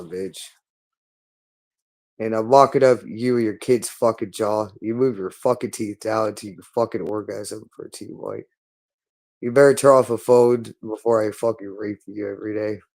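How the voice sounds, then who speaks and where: A man's voice: fairly low pitch, darkish tone. A man speaking in a hostile, repetitive monologue, berating someone and swearing constantly. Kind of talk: angry monologue.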